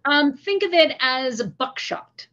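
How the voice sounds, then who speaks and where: A woman giving an online history lecture as guest presenter, telling the story with earnest feeling and pausing to recite a speech. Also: sits high, lively intonation, fairly bright tone, lo-fi sound. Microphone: computer mic on a video call.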